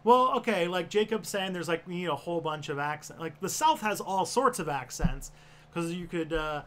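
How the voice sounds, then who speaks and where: A man's voice: high-pitched, lively intonation, moderate pace, a little hiss or hum. A man hosting a casual livestream, rambling with lots of fillers and restarts. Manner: rambling, full of fillers and self-corrections. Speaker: livestream host.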